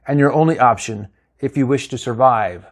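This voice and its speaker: A man voicing an old male physicist who gravely warns a starship crew of danger, in a read-aloud story. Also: mid-range voice, moderate pace, natural voice. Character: older male physicist visitor, grave and prophetic.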